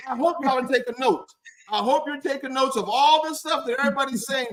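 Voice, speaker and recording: A man's voice: very high voice, fairly quick, fairly bright tone. A man hosting a live stream interview, joking and teasing his guests in playful banter.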